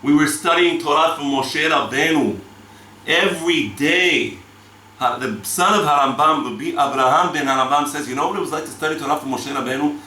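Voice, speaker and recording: A man's voice: on the high side, a little fast, pushed and bright. A male rabbi giving a spoken Torah class, dramatic, with rhetorical questions and sweeping emphasis, mixing in Hebrew terms and reading Talmud aloud. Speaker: rabbi teaching the weekly Torah portion. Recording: echoey room, mic at a distance.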